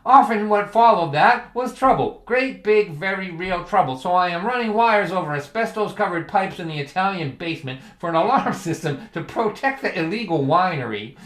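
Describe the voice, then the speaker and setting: A man's voice: sits high, normal speed, hardly any pauses. A man telling humorous stories on a livestream in a dry, wry way. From Massachusetts. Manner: wry, deadpan with bursts of loud acted quotes. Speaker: folk singer and storyteller. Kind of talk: humorous storytelling. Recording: echoey room.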